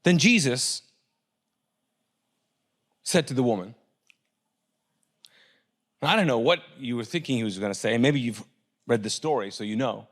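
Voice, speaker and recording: A man's voice: mid-range voice, measured pace, long pauses. A middle-aged male pastor preaching a sermon, asking the congregation questions and acting out the voices of people in the story. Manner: animated, acts out quoted voices, asks the congregation questions.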